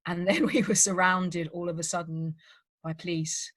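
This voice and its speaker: A woman's voice: lowish voice, fairly even intonation, normal speed. Chatty woman hosting a writers' panel. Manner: chatty, laughing, filler-heavy storytelling. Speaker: crime writer and panel host. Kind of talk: casual panel chat.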